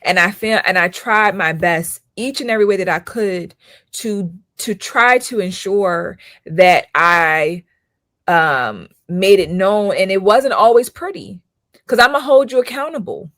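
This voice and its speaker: Thirties woman counselor-host, lower register, dry close mic; talks emphatically, repeats herself and asks pointed questions. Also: animated, slow, a bit bright, dry recording. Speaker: channel host, school counselor. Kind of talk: casual commentary monologue.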